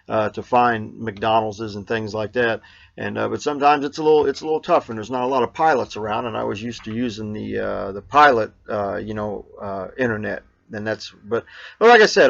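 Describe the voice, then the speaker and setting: A man's voice: medium pitch, creaky, dry recording. A man hosting his own RV travel show, chatting casually and rambling with lots of fillers and restarts. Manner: gets loud and upbeat in the sign-off. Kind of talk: casual vlog chat. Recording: dull, dry lo-fi sound.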